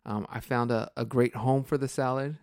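A man's voice: mid-range voice, fairly even intonation, normal speed, a little mellow, dry recording, clean studio sound. A man in his forties co-hosting a casual podcast, chatty and upbeat, laughing often. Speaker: podcast co-host.

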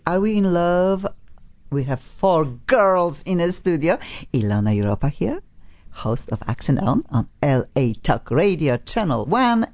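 A low-pitched woman radio host with a very animated, swooping delivery, playful and chatty, sounding a little sleepy. She draws out words for emphasis as she talks with guests in the studio. The broadcast sound is slightly dull. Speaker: radio talk show host. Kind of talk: casual radio chat.

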